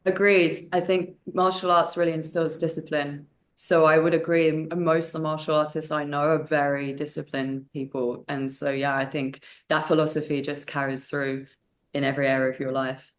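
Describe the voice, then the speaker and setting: A young woman, an actress and martial artist, chatting in an interview, animated with many fillers and restarts. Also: low-pitched, moderate pace. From United Kingdom. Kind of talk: casual interview chat.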